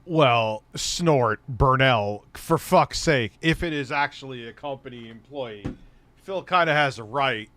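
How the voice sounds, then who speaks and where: A man's voice: medium pitch, measured pace, fairly bright tone. A man hosting a commentary show, reacting to clips in a crude, profanity-laden rant. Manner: crude, swearing rant with laughs.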